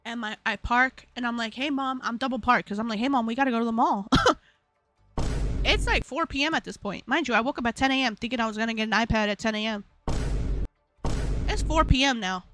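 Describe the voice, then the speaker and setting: A young woman hosting a live stream, telling a story in a slangy, animated way and laughing often. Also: fairly high pitch, a little fast, long pauses, over music. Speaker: livestream host.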